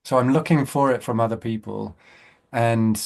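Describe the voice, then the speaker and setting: A man's voice: mid-range voice, normal speed, vocal fry, a little mellow. A man in a reflective casual chat, talking thoughtfully and repeating words as he works out his ideas. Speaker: self-inquiry group member. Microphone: video call.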